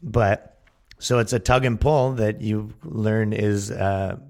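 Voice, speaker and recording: Rambling, sarcastic lower-voiced man. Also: fairly even intonation, takes it slowly, creaky, darkish tone. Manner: rambling and sarcastic, often laughing at his own points; trails off and restarts mid-sentence. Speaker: podcast host. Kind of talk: solo comedic podcast rant.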